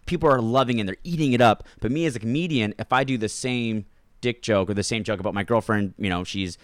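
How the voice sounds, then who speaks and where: A man's voice: lowish voice, fast, no echo, studio quality. A young man, a comedian, telling rambling stories in casual podcast chat, full of filler words. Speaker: comedian guest.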